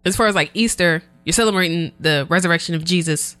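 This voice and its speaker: A woman co-hosting a podcast in casual chat, explaining things at length with many fillers and laughing loudly. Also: fairly low pitch, fast talker, soft background music. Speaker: podcast co-host.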